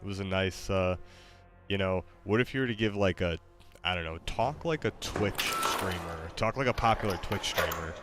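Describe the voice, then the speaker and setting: A man gaming and chatting casually with an AI companion, in a halting, relaxed way. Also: sits low, loud music behind the voice. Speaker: gamer streaming with an AI companion. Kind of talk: casual chat while gaming.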